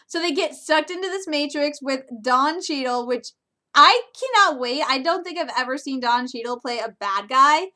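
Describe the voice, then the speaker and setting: A high-pitched young woman from Michigan with a bright, forceful voice chats casually in a reaction vlog. She gushes with excitement and breaks into laughter often. She sounds like she is in her twenties. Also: moderate pace. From Michigan, USA. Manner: gushing, excitable, bursts of laughter. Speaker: YouTuber reacting to a trailer.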